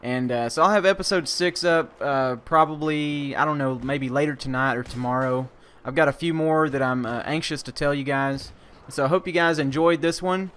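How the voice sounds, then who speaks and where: A man's voice: a little high, moderate pace, few pauses, a bit bright, clean tone. A man, an army veteran vlogger, telling a casual story, rambling with many fillers and restarts and casual swearing.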